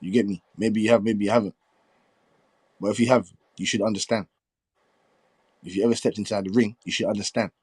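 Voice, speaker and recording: A man argues boxing in a casual, heated debate, full of profanity and mocking laughter. His voice sits low, and the sound is dry and close. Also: steady tone, a little fast, pauses often, darkish tone, slightly rough, no echo. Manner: profane, combative, laughing banter.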